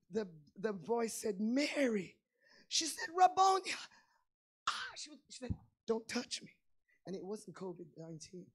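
A woman preaching a sermon with fervor, going from quiet asides to shouted climaxes. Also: mid-range voice, husky.

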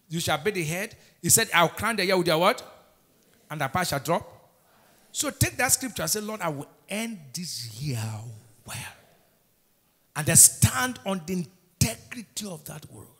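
Emphatic Nigerian pastor preaching. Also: male voice, high-pitched, big pitch swings, moderate pace, a bit bright, slightly rough. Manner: emphatic call-and-response preaching. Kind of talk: sermon.

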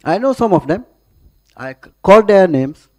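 A man with a Gambian accent testifying at a formal hearing, answering questions haltingly with frequent pauses and restarts. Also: high-pitched, expressive, mellow. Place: hearing room.

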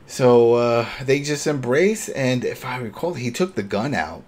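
Animated man recapping a TV episode. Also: medium pitch, measured pace, few pauses, a little hiss or hum. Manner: animated, acts out characters' lines while retelling. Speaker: podcast co-host. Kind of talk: casual recap chat.

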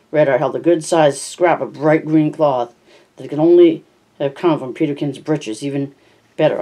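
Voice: mid-range voice, warm tone. An amateur audiobook reader narrating a novel in the first person, stumbling and correcting words along the way. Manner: reads with slips and self-corrections.

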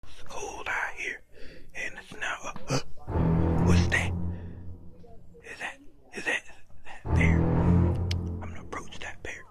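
A man's voice: low voice, huge pitch swings, slow, vocal fry, pauses often, whispered. A man vlogging outdoors in the cold at a national park, talking in a slangy, profane way. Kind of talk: hushed vlog narration. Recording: loud music over the voice.

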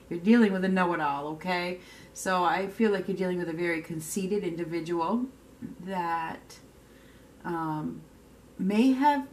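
A woman giving a casual tarot card reading, blunt and emphatic, often repeating herself and checking in with "okay?" while swearing casually. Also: mid-range voice. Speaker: tarot reader.

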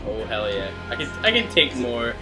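A young man giving profane, excitable commentary while playing a fighting game against a friend, trash-talking and laughing often. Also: medium pitch, moderate pace, music in the background.

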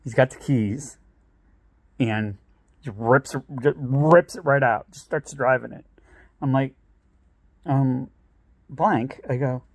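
Middle-aged Midwestern man, gravelly voice, dry close sound, casual storyteller who laughs often. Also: medium pitch, slow pace, pauses often, no room sound. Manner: laughs often, acts out quotes in raised voice. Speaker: vlogger telling stories.

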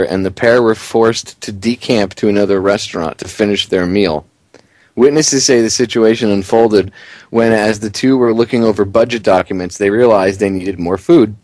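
Male radio host, excitable and indignant, lowish voice, dry close mic. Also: moderate pace, no echo. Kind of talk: talk radio commentary.

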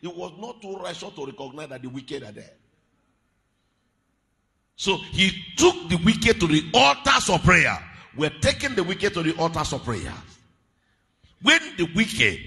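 A male preacher leads a prayer meeting, slow and deliberate, then breaks into loud chanted prayer and tongues. His voice is gravelly and very bright. It rings out with long reverb in a church hall. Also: sits high. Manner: swings from quiet teaching to loud chanted prayer, speaks in tongues. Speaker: pastor. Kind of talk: fiery prayer-meeting sermon.

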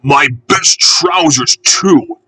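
A man's voice: on the high side, drawn-out words, pushed and bright, voice pushed up, exaggerated voice, rough recording. A man voicing a pompous, cross older railway boss in a storybook reading. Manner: cross and blustering. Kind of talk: storybook character voice.

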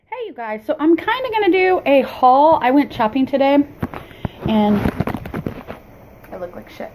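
A woman's voice: sits high, big pitch swings, background noise. A woman, chatting through a shopping haul vlog at home, rambling and apologizing as she goes. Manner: chatty, rambling, apologetic, frequent pauses and restarts. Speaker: vlogger. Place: cluttered home.

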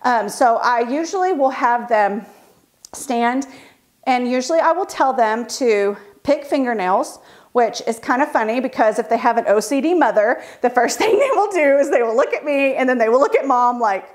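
Woman, portrait photographer, casual tutorial, chatty, fairly high voice. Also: expressive, normal speed. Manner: chatty, acts out kids' reactions.

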